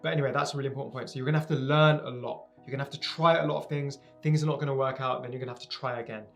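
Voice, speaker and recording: A man's voice: medium pitch, fairly even intonation, racing, vocal fry, soft background music. A young man speaking straight to viewers about starting a business, earnest and emphatic, hammering points home by repeating phrases. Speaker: entrepreneur giving advice to viewers. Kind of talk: direct-to-camera motivational talk.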